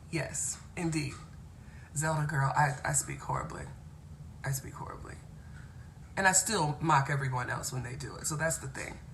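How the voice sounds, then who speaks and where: Laughing, playful woman host, low voice. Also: a bit bright, a little hiss or hum. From Cincinnati, Ohio. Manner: playful, laughs often, greets viewers by name. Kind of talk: casual live-stream chat reading viewer comments.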